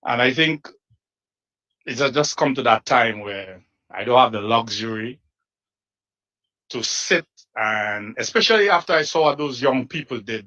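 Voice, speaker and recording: A man's voice: mid-range voice, pushed and bright, highs cut off. A man, a doctor, giving an earnest and somewhat hesitant statement of support at a news interview.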